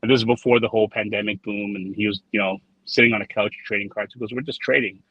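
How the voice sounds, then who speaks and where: A man's voice: on the low side, little pitch movement, quick pace, husky, no echo. A man being interviewed in casual conversation, rambling and repeating words as he tells anecdotes with quoted dialogue. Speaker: trading card designer, guest. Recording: dull lo-fi sound, dry.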